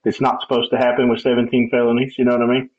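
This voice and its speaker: A middle-aged man telling his life story in a casual, animated way, acting out the people he quotes and laughing often. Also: medium pitch, very fast. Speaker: guest sharing testimony. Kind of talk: conversational testimony. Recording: slightly dull, lo-fi sound.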